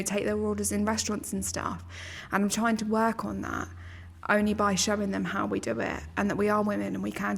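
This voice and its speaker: Woman, gravelly voice, flat delivery, reflective, encouraging, live Q&A. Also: mid-range voice. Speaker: retreat co-host. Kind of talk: live Q&A advice. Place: retreat room with an audience.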